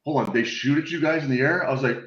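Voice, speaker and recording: A man on a video call telling animated, swear-laced anecdotes in a casual chat, acting out the voices of the people in his stories. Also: mid-range voice, fast talker, roomy sound, highs cut off, background noise. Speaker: guest telling war stories.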